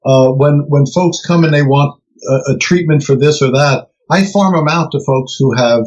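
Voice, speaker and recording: A man's voice: fairly high pitch, moderate pace, dull audio. A man in his seventies, a researcher guest in a conversational interview, telling stories and acting out the voices of people he quotes. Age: 70s. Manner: animated storyteller who acts out quoted voices.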